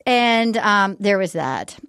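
A woman hosting a podcast in casual chat, animated and quick to act out what others said. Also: mid-range voice, clear, resonant tone. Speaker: podcast host.

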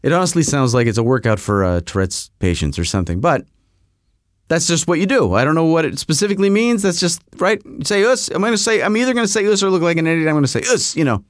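A man hosting a podcast, telling a rambling story in a casual, animated way with frequent restarts. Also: fairly high pitch, fast, dry recording, clean studio sound. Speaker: podcast host. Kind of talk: casual monologue.

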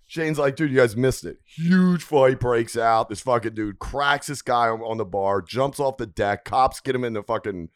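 A man's voice: medium pitch, moderate pace, hardly any pauses, no room sound, clean studio sound. A man in casual podcast chat, teasing and swearing as he tells stories.

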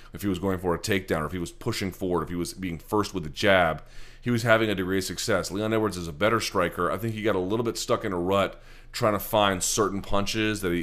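A man's voice: low-pitched, fairly bright tone. A man hosting a casual post-fight show, talking loosely and emphatically with lots of fillers and the odd curse. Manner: loose, profane, rambling and emphatic, many fillers. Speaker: MMA show host. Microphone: handheld camera.

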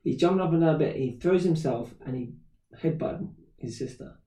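A man, co-hosting a podcast and telling animated stories in casual chat with loud acted-out shouts. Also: fairly high pitch, a little fast, reverberant, distant mic, low-quality recording. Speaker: podcast co-host.

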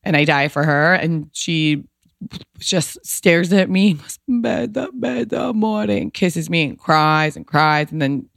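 A woman's voice: sits low, fairly even intonation, a little slow, fairly bright tone, no room sound, clean studio sound. A woman in her thirties, a podcast guest, telling a personal story candidly and emotionally, swearing casually and filling with "like".

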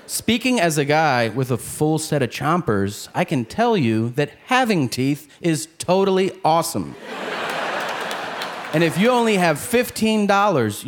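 A man doing a stand-up comedy set on a club stage, acting out characters in quick asides. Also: a little high. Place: comedy club stage before a laughing audience. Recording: live club recording with crowd laughter and noise.

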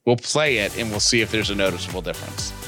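A man from upstate New York co-hosting a casual podcast with wry, quick banter and reading an ad. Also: fairly low pitch, over loud music. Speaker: podcast co-host. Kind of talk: casual chat and host-read ad.

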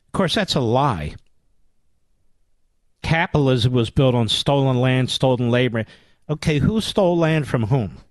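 A man's voice: medium pitch, animated, a little slow, long pauses, no echo. A man hosting a political talk radio show, combative and sarcastic.

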